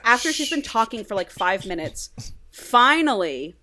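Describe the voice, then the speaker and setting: A woman co-hosting a podcast, recapping a book in animated, chatty casual talk. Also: a little high, normal speed, slight background noise. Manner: chatty, animated storyteller, laughs often. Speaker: podcast co-host.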